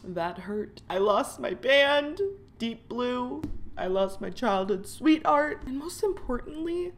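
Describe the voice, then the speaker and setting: A woman's voice: fairly high pitch, lively intonation, takes it slowly, slight background noise. A young woman giving let's play commentary on a life simulation game, giggling often and reacting dramatically to each event. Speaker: gaming YouTuber.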